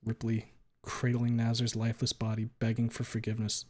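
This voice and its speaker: A man streaming a dramatic first-person story reading in a quiet, subdued voice. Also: mid-range voice, completely flat delivery, a little fast.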